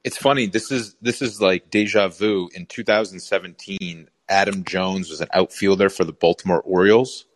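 Deep-voiced male caller from Boston. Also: fairly even intonation, normal speed, few pauses. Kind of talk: call-in opinion.

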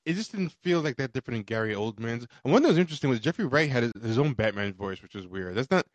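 A man's voice: mid-range voice, expressive, fast, no echo. A man in casual podcast chat, hesitant, stammering and trailing off. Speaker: podcast co-host.

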